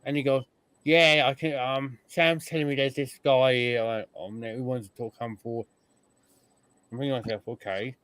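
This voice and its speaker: A man's voice: mid-range voice, steady tone, normal speed, fairly bright tone, smooth, no room sound. A man hosting a casual podcast chat, telling stories and mimicking the people he describes. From United Kingdom. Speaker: podcast host.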